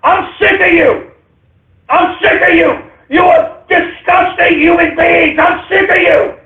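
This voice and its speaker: A man shouting a furious, repetitive rant at the top of his lungs. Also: very high-pitched, steady tone, unhurried. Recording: echoey far-off phone-like audio.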